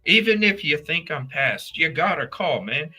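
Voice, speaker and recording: Animated, profane male livestream host. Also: a little high, moderate pace, breathy edge, soft background music. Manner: animated, profane, talks straight to chat viewers. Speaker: true crime livestream host. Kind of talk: casual livestream chat.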